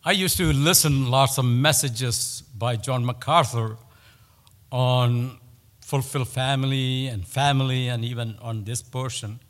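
Slow-speaking preacher in an echoing hall. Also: male voice, mid-range voice, fairly even intonation. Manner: storytelling, with pauses and emphatic repetition. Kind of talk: sermon.

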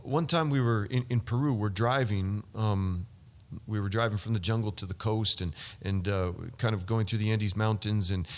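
A man's voice: on the low side, steady tone, moderate pace. A man preaching a sermon, telling a story with many stammered restarts. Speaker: pastor. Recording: long hall reverb.

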